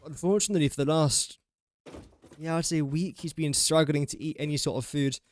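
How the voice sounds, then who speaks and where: A man's voice: a little high, fairly quick. A young man, chatting casually while live-streaming a building game and talking himself through each step. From England. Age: young adult. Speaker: gaming streamer. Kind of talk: casual live gameplay commentary.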